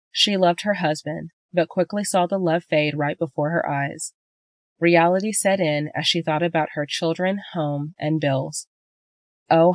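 A woman reading a novel as an audiobook narrator in a steady, measured way, on a close studio mic. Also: low voice, no room sound. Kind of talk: scripted narration.

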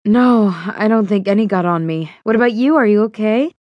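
A woman voicing a young heroine who speaks in an alarmed, urgent, snappish way, higher than her narration. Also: a little fast, dry recording, muffled recording, lightly acted. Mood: panicked.

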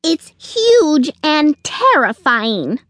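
A high, squeaky storybook squirrel, put on by a woman narrator gasps out every word in a panic. He is out of breath and jumpy, and his voice leaps around wildly. The sound is dry and close. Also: sing-song, takes it slowly, dry recording, full character voice. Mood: panicky. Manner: frantic, shrieking repeats. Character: panicky jittery male squirrel.

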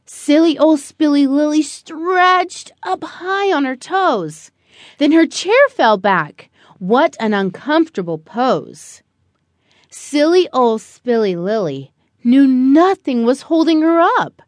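A woman narrating a rhyming children's picture book in a slow, expressive storytelling manner. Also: sits high, no echo. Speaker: audiobook narrator.

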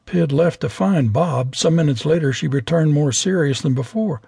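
Man, memoir audiobook narrator, husky, higher voice, very dry booth sound. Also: normal speed, hardly any pauses, no room sound. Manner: lively storytelling, voices every character.

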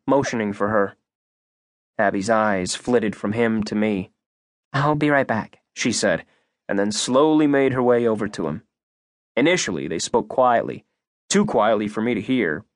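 Male audiobook narrator, first person, expressive and measured, dry close studio sound. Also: fairly low pitch, dry recording.

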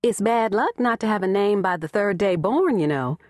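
A high, shrill, nervous woman who fusses and chatters, put on by a woman narrator. Her words come in a fretful rush. An audiobook character voice, close and dry. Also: animated, normal speed, darkish tone, no echo, close to an everyday voice. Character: shrill, nervous grown daughter.

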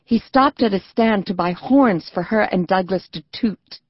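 A woman narrating a children's audiobook in a gentle, even manner. The sound is close and dry, with a slightly muffled tone. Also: medium pitch, unhurried, dry recording. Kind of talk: scripted narration.

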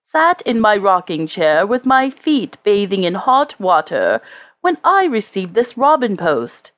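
A woman voicing a kind, jolly old Father Christmas in a gentle, deeper voice. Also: very animated, measured pace, dry recording. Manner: gentle, deep, strong voice.

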